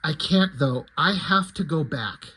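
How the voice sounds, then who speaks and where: A man's voice: fairly high pitch, expressive, unhurried, bright, forceful tone, breathy edge, full character voice. A man reading a loyal, stubborn warrior. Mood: earnest.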